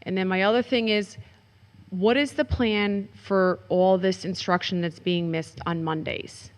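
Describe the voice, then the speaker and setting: A woman's voice: mid-range voice, fairly even intonation, unhurried. A woman in her forties, a parent of a tenth grader, politely and earnestly questioning a school board. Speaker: parent giving public comment. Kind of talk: public comment at a board meeting. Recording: dull audio with long hall reverb.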